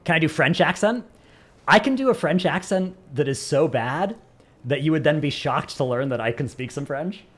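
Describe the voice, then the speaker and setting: A man's voice: fairly high pitch, animated, moderate pace, fairly bright tone. A man from the United States, chatting casually on a live stream, rambling and joking at his own expense. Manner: rambling, self-mocking, joking. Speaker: streamer answering chat.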